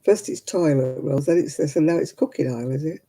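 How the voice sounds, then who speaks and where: A woman's voice: low-pitched, a little fast, mellow. A tired woman, hosting a casual livestream and chatting with her viewers by name. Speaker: livestream host.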